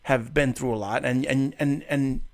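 A man's voice: medium pitch, fairly even intonation, moderate pace, creaky. Male call-in host, crude comic banter, talks over the caller. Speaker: podcast host. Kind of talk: crude comedic call-in chat.

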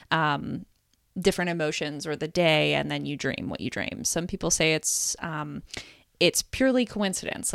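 A woman in her thirties talks in a casual chat, thinking aloud and pausing with ums. Her low voice has a gravelly fry. The recording is dry and close. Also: dry recording. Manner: reflective, hesitant, many ums. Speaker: podcast co-host.

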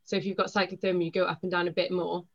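A young woman talks in a lively, quick rush, slipping into little acted-out quotes as she explains. Her voice sits a bit low for a woman. The recording sounds dull and lo-fi. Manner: rapid, animated storytelling with acted-out quotes. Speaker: guest. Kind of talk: podcast conversation.

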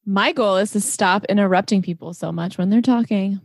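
A woman's voice: medium pitch, fairly quick, no room sound, studio quality. A woman co-hosting a podcast in casual chat, frank and profane, teasing her friend. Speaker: podcast co-host.

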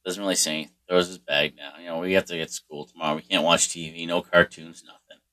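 A man's voice: low voice, flat delivery, fast, sharp tone. A middle-aged man telling a personal story in a rambling, profane way, full of restarts and fillers. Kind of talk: casual storytelling monologue.

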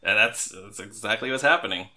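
Bright-voiced man hosting a podcast. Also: lowish voice. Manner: chatty, quick to laugh. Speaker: podcast host. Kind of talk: casual chat.

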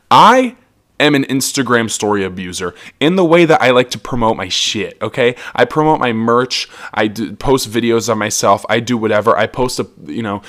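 Tipsy man ranting with lively pitch. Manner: animated, ranting, laughing often. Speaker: podcast host. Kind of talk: casual solo podcast rant.

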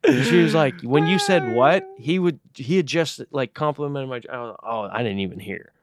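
A young man co-hosts a podcast, his medium-pitched voice animated and moving at normal speed. He rambles through stories in casual chat, packing them with fillers and heavy swearing.

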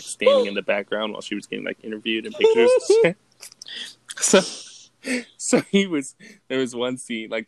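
A man's voice: fairly low pitch, gravelly, dry recording. A man co-hosting a podcast, retelling movie scenes in casual chat and laughing often. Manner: laid-back, laughs often, acts out quotes in voices. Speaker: podcast co-host.

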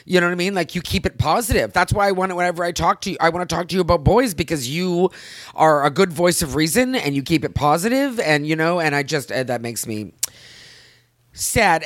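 A woman's voice: fairly low pitch, dry recording. Woman, podcast co-host, dry close sound, earnest and rambling delivery. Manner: earnest, emotional, repeats herself while rambling. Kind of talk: candid personal chat.

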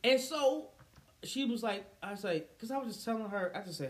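A man's voice: high voice, a little fast, a little hiss or hum. A young man in casual podcast chat, telling profane stories and acting out the people he quotes. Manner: profane, animated storyteller who acts out quotes.

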